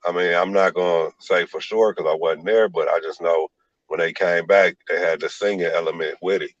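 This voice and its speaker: A man telling stories in a relaxed interview, with lots of "like" fillers. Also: low-pitched, normal speed, dull audio. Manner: laid-back storytelling with many "like" fillers. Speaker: rapper and producer guest. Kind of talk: casual interview talk.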